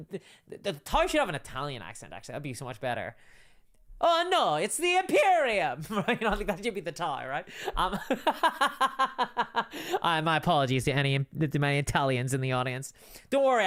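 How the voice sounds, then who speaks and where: A young adult host on a casual live stream who keeps laughing and rambles through viewer comments. The pitch swings all over the place, bouncy and animated, with plenty of restarts and "like"s in between. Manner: animated, giggly, rambling with many fillers. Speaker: livestream host reading chat. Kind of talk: casual livestream chat.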